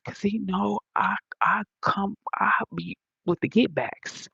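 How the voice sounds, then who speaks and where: A woman's voice: lowish voice, unhurried, vocal fry, breathy edge, no room sound, highs cut off. A woman telling her own story in a casual vlog, blunt and profane, acting out what others said. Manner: animated, profane, blunt retelling with quoted voices.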